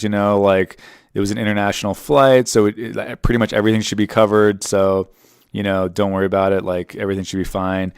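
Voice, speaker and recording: Brief: thirties male host, low voice, dry close sound, rambling, swears freely. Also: fairly even intonation, brisk, darkish tone, clean tone, no room sound. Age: 30s. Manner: rambling, profane, jokey. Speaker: podcast host. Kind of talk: casual monologue.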